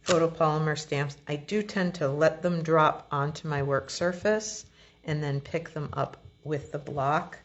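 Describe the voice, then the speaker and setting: A woman demonstrating card making, explaining each step in a relaxed, chatty way as she works. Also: sits low, unhurried, highs cut off. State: has the hiccups. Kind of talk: crafting tutorial.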